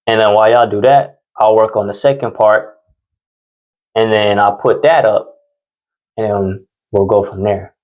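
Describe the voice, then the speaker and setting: A man's voice: on the low side, dull audio. Profane, slangy man telling stories. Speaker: podcast host. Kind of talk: casual commentary and storytelling.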